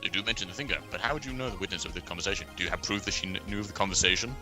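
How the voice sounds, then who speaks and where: A smug, cold male prosecutor, played by a man in a game fan dub, speaking in formal, haughty courtroom phrases. His voice sits low and moves quickly, with clear game music playing behind. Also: lightly acted.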